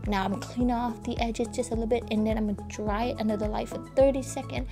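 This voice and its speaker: A woman giving a chatty nail-art tutorial voice-over, talking casually to viewers and keeping her voice hushed at times. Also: a little high, fairly even intonation, fast talker, over music. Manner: soft, hushed and breathy at times, keeping quiet for a sleeping child; chatty and informal, addressing viewers as "guys". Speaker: nail educator.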